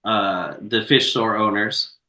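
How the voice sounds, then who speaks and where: Podcast guy retelling a movie, loose and sweary, bright voice, kinda far off the mic in a roomy space. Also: fairly low pitch, steady tone, slow pace. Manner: laid-back, profane storytelling with filler words. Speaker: podcast co-host. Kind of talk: casual chat recapping a film.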